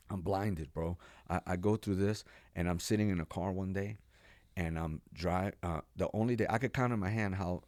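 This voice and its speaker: Man, 40s, from New York, pastor, very low voice, animated slangy storytelling, podcast guest. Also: no room sound. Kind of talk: personal testimony in a podcast interview.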